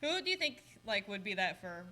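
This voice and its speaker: A woman's voice: mid-range voice, big pitch swings, a little fast, bright, forceful tone, a little hiss or hum. A young adult woman co-hosting a podcast in casual chat, laughing often and swearing freely. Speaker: podcast co-host.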